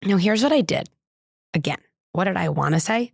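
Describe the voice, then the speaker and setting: A woman's voice: animated, normal speed, vocal fry, breathy edge, dry recording, studio quality. A woman hosting a parenting podcast, telling a personal story in a candid, conversational way and acting out quoted lines. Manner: candid and conversational, many "like" fillers; acts out quoted dialogue with lifted pitch. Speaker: parenting psychologist and podcast host.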